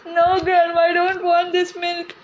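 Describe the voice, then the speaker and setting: Brief: woman voicing a very high, whiny, pleading grandchild boy, comedy skit. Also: completely flat delivery, a little slow, lo-fi sound, a little hiss or hum. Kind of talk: amateur comedy cooking skit.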